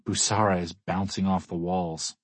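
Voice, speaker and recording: A man voicing a teenage girl who talks in a lively, teasing way. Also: deep voice, normal speed, no room sound. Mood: cheerful. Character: upbeat teenage girl, the narrator's girlfriend.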